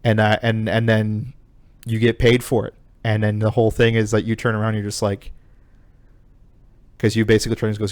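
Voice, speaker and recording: A man's voice: on the low side, completely flat delivery, fairly quick, pauses often, no room sound. A man co-hosting a podcast, casually retelling a video game story with lots of swearing and filler. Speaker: podcast co-host. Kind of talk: casual chat.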